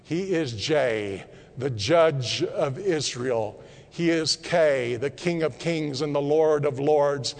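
High-voiced preacher in a reverberant hall. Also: male voice, slow. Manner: builds from low quiet to loud impassioned cries. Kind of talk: sermon.

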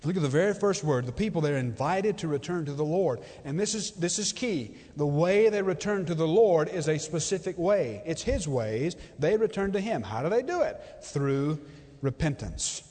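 High-voiced preacher in echoing hall. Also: male voice, animated, normal speed. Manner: impassioned, swings between loud and hushed. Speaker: pastor. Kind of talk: sermon. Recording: long hall reverb.

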